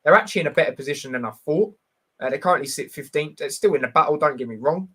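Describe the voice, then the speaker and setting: This man speaks fast, with a slightly high, somewhat bright voice, a breathy edge and lively intonation. He's running a casual live stream predicting football results, reading out chat messages and responding to them head-on. His manner is chatty and blunt, packed with fillers.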